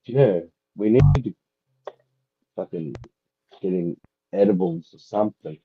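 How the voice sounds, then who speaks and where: Male co-host, crude joke-teller, low-pitched, muffled dry mic. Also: measured pace, breathy edge, dry recording. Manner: crude, swearing, tells jokes. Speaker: livestream co-host. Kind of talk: casual chat.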